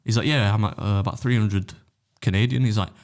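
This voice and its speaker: A man with a fairly low voice tells a story on a podcast. He acts out every exchange himself and keeps breaking into laughter. His swearing is loose and casual. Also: steady tone, a little fast, a little mellow. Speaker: podcast guest. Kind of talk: casual chat, telling an anecdote.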